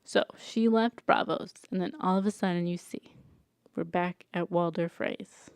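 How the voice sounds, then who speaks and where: Young woman, podcast co-host, casual recap; smooth clear voice, dry close sound, chatty "like"-heavy delivery. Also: on the low side, fairly even intonation, normal speed, darkish tone, no echo. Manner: chatty, lots of "like", acts out characters' lines.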